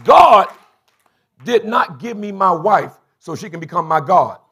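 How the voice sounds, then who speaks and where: A middle-aged man, preaching a sermon as bishop in a church, swinging from low confiding talk to shouted bursts. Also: lively intonation, unhurried, slight background noise. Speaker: bishop and pastor. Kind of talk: call-and-response sermon. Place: church sanctuary.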